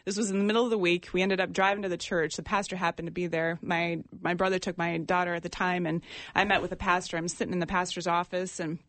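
A woman in her forties telling her personal testimony in an interview, earnest and halting, with many fillers. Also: lowish voice, flat delivery, fairly bright tone, dry recording. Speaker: ministry guest sharing testimony.

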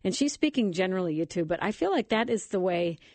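A woman's voice: medium pitch, lively intonation, quick pace, a little mellow, no room sound. A woman hosting a Christian talk radio show, reflecting back on her guests' words and quoting from a book.

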